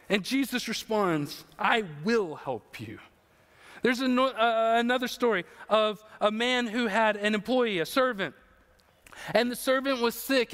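A male pastor preaching an earnest, emotional sermon with slow, emphatic phrases. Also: extremely high pitch, a bit bright, long reverb tail.

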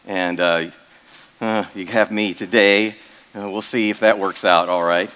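A man's voice: on the low side, steady tone, a little slow, fairly bright tone, clean tone. Joking, casual male preacher. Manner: joking, casual, with many fillers. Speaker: pastor. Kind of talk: sermon. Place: church.

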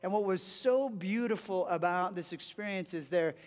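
A man's voice: high-pitched, normal speed, big-room sound. A man who is a pastor, preaching a sermon in a conversational way, often restarting his phrases.

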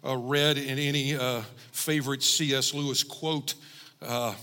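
A man's voice: mid-range voice, fairly even intonation, a little slow, sharp tone, in a large hall. A man preaching a sermon as pastor, earnest and growing emphatic.

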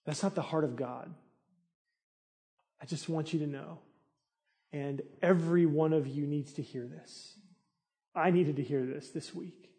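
Earnest preaching man, fairly high voice. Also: unhurried, long pauses, mellow. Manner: earnest, conversational preaching with rising intensity. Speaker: pastor. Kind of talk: sermon.

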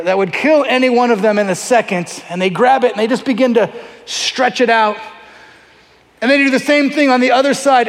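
A middle-aged male pastor with a high voice delivers an animated, story-driven sermon, slipping into voices as he acts out the scene. His voice rings with the long reverb of a large hall. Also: gravelly.

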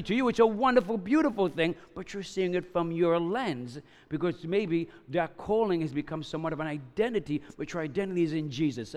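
A man's voice: sits high, long reverb tail. A man in his fifties, a pastor preaching a sermon in a casual storytelling way, often checking in with "right?" and "you know?". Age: 50s.

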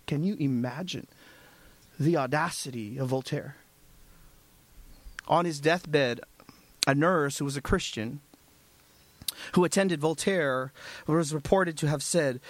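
A man preaching a sermon, emphatic, moving between hushed and fervent delivery. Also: fairly high pitch, slow, pauses often, no room sound.

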